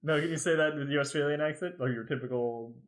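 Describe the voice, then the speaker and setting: A man's voice: a little high, fast. A man co-hosting a podcast, jokey and asking the guest questions in casual chat. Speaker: podcast co-host.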